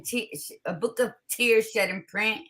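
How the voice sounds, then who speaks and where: A woman hosting a casual talk show, blunt and expressive, with a tired morning voice, dropping in Spanish greetings. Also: on the high side, measured pace, a little hiss or hum. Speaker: podcast host. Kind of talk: casual chat.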